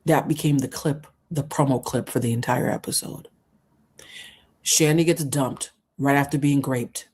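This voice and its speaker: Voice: medium pitch, measured pace, a little mellow, breathy edge. A vlogger retelling events in a heated, indignant commentary, acting out quotes along the way. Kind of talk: commentary storytelling.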